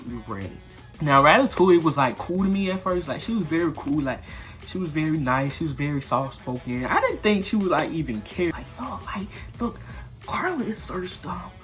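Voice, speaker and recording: A man's voice: on the high side, animated, brisk, a bit bright, faint music behind. Young guy rambling thru a storytime, slangy, voice jumps all over. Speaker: vlogger. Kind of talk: casual storytime.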